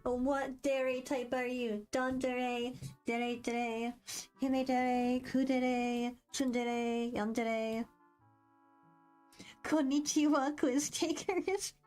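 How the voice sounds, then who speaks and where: Young streamer girl, high voice, bubbly and rambly, faint music under her. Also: monotone, slow pace, a little mellow, clear, resonant tone. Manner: bubbly, rambling, self-deprecating. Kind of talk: casual live-stream chat, reading quiz aloud.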